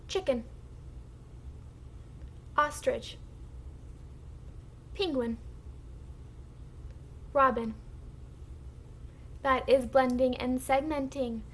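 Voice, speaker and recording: A high-pitched woman teacher leads a recorded phonics lesson for young children, sounding out each word slowly and clearly so they can repeat it.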